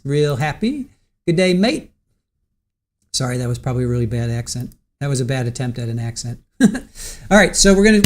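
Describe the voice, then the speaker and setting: A man hosting a casual livestream about a court trial, greeting chat viewers by name and recapping the case with many ums and restarts. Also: on the high side. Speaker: livestream host covering a trial.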